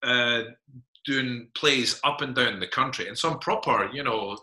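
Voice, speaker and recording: Host telling a story, really bright sharp voice, echoey room. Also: male voice, medium pitch, a little slow. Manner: chatty, hesitant with fillers. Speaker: podcast host. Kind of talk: casual interview chat.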